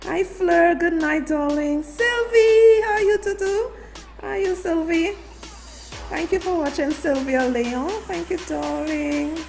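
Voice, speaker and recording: Slow-talking high-voiced woman host. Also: gravelly, faint music behind. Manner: affectionate, calls viewers darling and baby; lively, drawn-out greetings. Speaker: host of a live online show. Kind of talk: live-stream chat greeting viewers.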